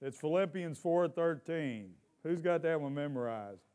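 A pastor with a fairly high, slightly mellow voice and lively intonation preaches to his congregation, calling out questions for them to respond to. When he reads scripture, he stretches the lines out for emphasis.

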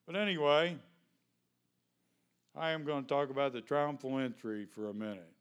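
Smooth-voiced pastor preaching. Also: male voice, medium pitch, lively intonation, moderate pace, long pauses, a bit bright. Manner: conversational preaching with rhetorical questions. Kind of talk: sermon.

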